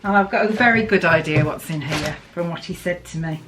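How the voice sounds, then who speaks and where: A middle-aged English woman from the UK, chatting warmly and emotionally as she opens a parcel for her vlog. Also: sits low, brisk, noisy background. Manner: chatty, gushing, emotional, laughs often. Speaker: vlogger. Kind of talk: casual chat while opening a parcel.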